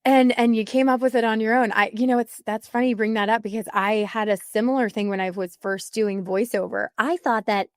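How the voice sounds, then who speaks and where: A woman hosting a podcast, chatting in a lively, friendly way. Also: fairly high pitch, a little fast, hardly any pauses, no room sound, studio quality. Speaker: podcast host, voiceover artist. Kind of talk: casual conversational interview.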